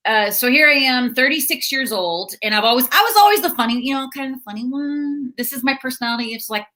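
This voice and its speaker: A middle-aged woman comedian telling stories in a casual interview, chatty and quick to laugh. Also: high-pitched, animated, sharp tone. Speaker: stand-up comedian and counselor.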